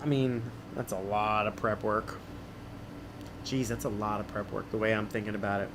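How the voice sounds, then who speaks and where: A man's voice: lowish voice, level tone, moderate pace, background noise. A middle-aged man streaming as he reads an adventure book aloud, with wisecracking, self-mocking asides. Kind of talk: casual read-aloud with joking asides.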